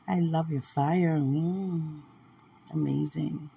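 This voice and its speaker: A drowsy woman speaks in a slow, unhurried drawl, her voice husky and gravelly with fry. She talks softly and affectionately in a casual, faith-filled chat, often trailing into quiet murmurs. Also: lowish voice, fairly even intonation. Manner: soft, drowsy and affectionate, with frequent laughs. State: sleepy. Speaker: podcast host.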